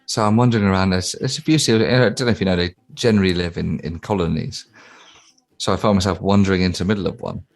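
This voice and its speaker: A man co-hosting a comedy podcast, telling an improvised story in a deadpan way with stammering restarts. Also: deep voice, fast.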